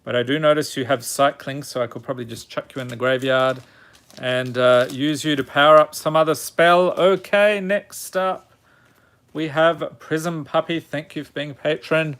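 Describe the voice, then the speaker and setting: A man's voice: on the high side, moderate pace, a bit bright, smooth. A man hosting a casual card pack-opening video, reading out card names with dry, self-mocking humour. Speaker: channel host opening card packs.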